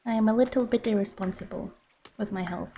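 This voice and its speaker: A woman's voice: mid-range voice, quick pace, dark tone, muffled recording, a little hiss or hum. A woman game streamer chatting casually as she plays, reading out and answering viewer messages. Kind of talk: casual live-stream chat while playing.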